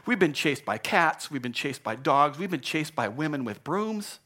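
A man's voice: a little high, sing-song, moderate pace, bright, forceful tone, heavily acted. A man doing Mick, a small pleading mouse. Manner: pleading, complaining. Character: small earnest male mouse spokesman.

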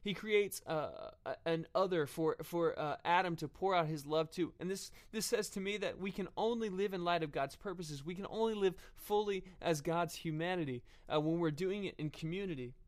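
A man preaching a sermon earnestly, often pausing with fillers and restarting his phrases. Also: high voice.

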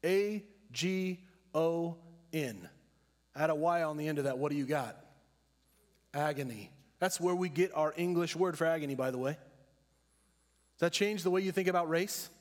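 Pastor preaching in a reverberant hall. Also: male voice, a little high. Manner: earnest preaching, slows down to stress key words. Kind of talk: sermon.

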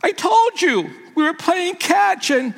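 A man's voice: very high voice, sing-song, slow, gravelly, fairly bright tone, in a large hall, pitched above the performer's own voice, full character voice. A man voicing a tearful young boy who stammers and repeats his words. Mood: pleading.

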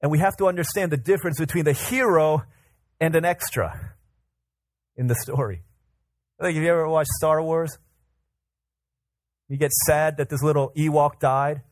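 A male pastor delivering an energetic, conversational sermon, his voice sitting a little high for a man. He stumbles and repeats words as he builds his examples. The sound is dry and close, with little room around it. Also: brisk, pauses often, dry recording. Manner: lively, repeats and restarts words, uses everyday examples. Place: church service with congregation.

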